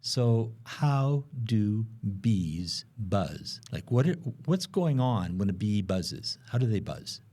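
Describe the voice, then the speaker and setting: Man, low mellow voice, rambling, lots of ums, casual podcast explainer. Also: big pitch swings, slow pace, hardly any pauses. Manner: rambling, hesitant with many fillers. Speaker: podcast co-host explaining bees.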